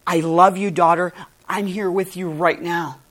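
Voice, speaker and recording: A woman's voice: on the low side, steady tone, measured pace. A woman pastor preaching a sermon in an earnest, emphatic way, stressing and spelling out key words.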